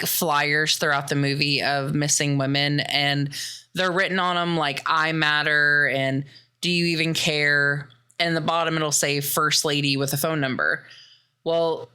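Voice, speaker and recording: Low, bright-voiced woman recapping a film. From American Midwest. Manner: animated retelling, acts out quotes, swears often. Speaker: podcast host. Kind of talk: casual movie recap.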